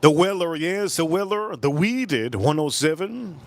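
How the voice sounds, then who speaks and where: Animated man telling stories outdoors. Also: a little high, measured pace. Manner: animated, talks straight to viewers by name. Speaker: livestream host. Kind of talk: casual livestream storytelling.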